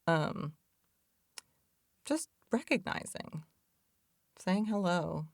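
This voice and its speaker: A woman's voice: deep voice, slow pace, pauses often, no room sound, studio quality. A woman hosting a podcast in a loose, chatty way, full of "like" and "y'all". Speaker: podcast host. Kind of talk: casual reflective talk on addiction recovery.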